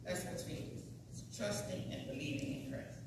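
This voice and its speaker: In a church hall, a woman teaches a Sunday school class in a folksy, emphatic, conversational style. Her voice is fairly low and her pace moderate. The recording comes from far off in the echoey hall, with a noisy background.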